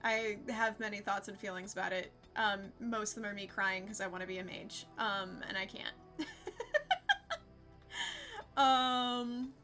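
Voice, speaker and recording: A woman's voice: medium pitch, steady tone, normal speed, few pauses, bright, forceful tone, soft background music. A young woman streaming a game, chatting casually with her viewers and laughing often. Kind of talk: casual live-stream chat.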